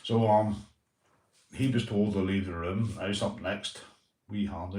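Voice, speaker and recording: A man's voice: on the low side, steady tone, moderate pace, pauses often, darkish tone, roomy sound, recorded from a distance, rough recording. A Northern Irish man telling stories on his livestream, swearing often and asking "right?" after almost every line. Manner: swears a lot, repeats "right?" and "mate". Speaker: livestream host. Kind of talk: casual livestream storytelling.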